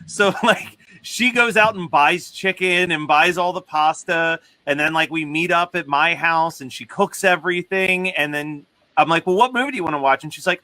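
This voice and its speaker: A man's voice: a little high, moderate pace, sharp tone, dry recording. A man telling a rambling personal anecdote on a livestream podcast, laughing often and acting out quoted lines. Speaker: podcast panelist. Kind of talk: casual storytelling.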